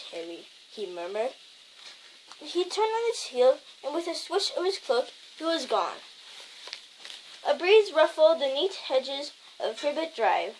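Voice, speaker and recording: A woman's voice: high voice, slight background noise, low-quality recording. A woman reading a novel aloud, stumbling over words and correcting herself as she goes. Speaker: reader.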